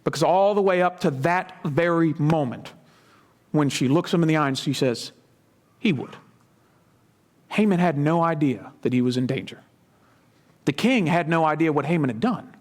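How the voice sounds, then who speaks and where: High-voiced pastor retelling scripture. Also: male voice, moderate pace. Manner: storytelling, dramatic retelling of scripture; conversational asides. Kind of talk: sermon.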